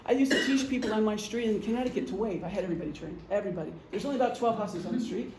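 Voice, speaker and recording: Racing along in a mid-range voice, a middle-aged retired police officer jokes and chats her way through a casual talk to a meeting, miming gestures as she speaks. The recording, made in an echoey meeting room, is very noisy.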